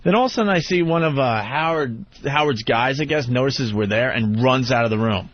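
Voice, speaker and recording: A male radio co-host spins a story in an animated, chatty way, slipping into the voices of the people he describes. His voice sits at an ordinary pitch. The studio sound is dry and a little dull. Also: fairly quick, dry recording. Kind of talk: casual storytelling on talk radio.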